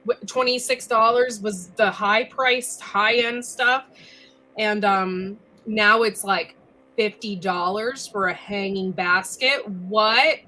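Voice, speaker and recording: A woman co-hosting a casual live stream over a video call, chatty and quick to laugh, peppering her talk with "like" and "dude". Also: medium pitch, sharp tone, faint music behind. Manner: chewing while talking. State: recovering from illness. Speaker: co-host.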